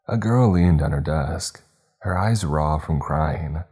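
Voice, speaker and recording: A man's voice: rumbling low, takes it slowly, a little mellow, slightly rough. A man reading a horror story aloud as narrator, voicing each character himself. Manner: voices every character in dialogue.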